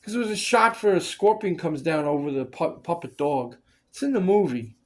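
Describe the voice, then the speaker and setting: A man's voice: on the high side, animated, normal speed. A man in casual chat, telling stories of film work, acting out the people he quotes and swearing freely. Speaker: storyteller recalling film work.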